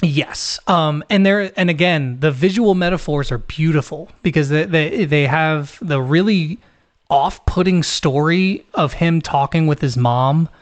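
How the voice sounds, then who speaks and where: A young man co-hosts a casual movie review podcast in a fairly high voice. He talks animatedly, swears freely and jumps into acted-out lines from the film. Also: a little slow. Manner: animated, swears, acts out quotes. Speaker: podcast co-host.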